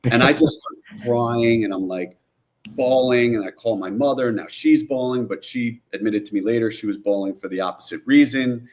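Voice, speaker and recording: A man's voice: mid-range voice, moderate pace. A man from New Jersey, a guest and film director, telling his own story in an interview and acting out the people he quotes. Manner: animated retelling, acting out quoted voices.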